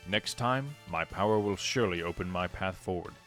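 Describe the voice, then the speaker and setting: A man's voice: low voice, normal speed, a bit bright, soft background music. A man voicing a stiffly courteous rival trainer. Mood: gracious. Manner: stiff, courteous formal speech. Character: formal, gracious young male rival trainer.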